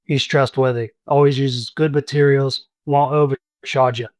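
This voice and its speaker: A man's voice: mid-range voice, flat delivery, normal speed, darkish tone, no echo, close to an everyday voice. A man voicing an old male tavern owner who is friendly, helpful and casual. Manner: casual, calls people mate.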